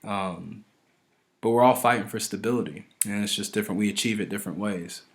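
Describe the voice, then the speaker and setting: A man's voice: fairly low pitch, a little fast. A man in his thirties talking casually and earnestly to his followers, rambling and pressing his points harder as he goes. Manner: earnest, rambling, keeps asking "right?"; grows forceful when stressing a point. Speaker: vlogger addressing followers. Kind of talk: casual direct-to-camera talk.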